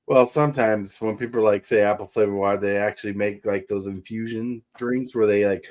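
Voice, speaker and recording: A man's voice: on the low side, fairly even intonation, a little fast, a little mellow. A man hosting a casual livestream, chatting in a rambling way and greeting viewers by name. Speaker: livestream host. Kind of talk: casual chat.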